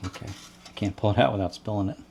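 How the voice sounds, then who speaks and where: A man's voice: lowish voice, fairly even intonation, fast talker, vocal fry, a little mellow. A man hosting his own home-repair video, explaining each step plainly and thinking aloud as he works. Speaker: DIY channel host. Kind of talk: casual how-to narration.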